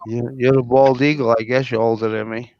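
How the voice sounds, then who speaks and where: A man's voice: mid-range voice, level tone, fairly quick, darkish tone, dry recording. Older New York man, dull lo-fi sound. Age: 50s. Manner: easygoing, short agreeable replies. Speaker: panel guest. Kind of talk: casual group chat.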